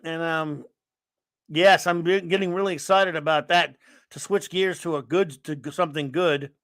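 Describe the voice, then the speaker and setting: A man's voice: fairly high pitch, steady tone, moderate pace, fairly bright tone, no room sound. A man hosting a casual live stream, rambling and sarcastic as he greets viewers and rants. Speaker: host of a live stream chat.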